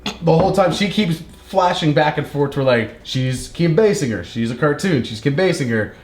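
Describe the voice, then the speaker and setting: A man tells a film's story in loose, profanity-laced chat, tripping over filler words and slipping into goofy character voices. His voice sits a little high, and the recording rings in an echoey room. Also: animated, moderate pace, a little mellow, faint music behind. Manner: rambling, profane, heavy on filler "like", acts out characters in silly voices. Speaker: podcast co-host retelling a movie plot. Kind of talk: casual comedic chat.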